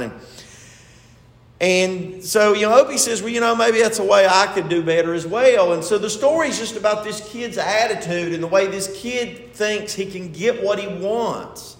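A male pastor delivers his sermon, slipping into quoted lines as he retells a story, then pressing his points with rising emphasis. His voice sits high for a man. It rings with the long reverb of a large, echoey sanctuary.

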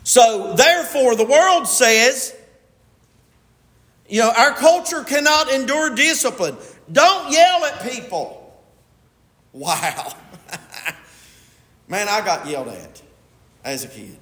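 A man preaching a sermon as pastor, emphatic, swinging from loud stresses to quiet asides, in a church. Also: extremely high pitch, big pitch swings, slow, long pauses. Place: church sanctuary. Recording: echoey hall with long reverb.

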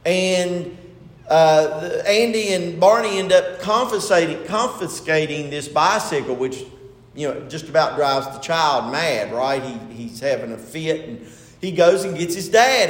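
Man preaching in an echoey hall. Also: fairly high pitch. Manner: retells a story with acted quotes, rising to emphatic preaching. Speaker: pastor. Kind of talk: sermon.

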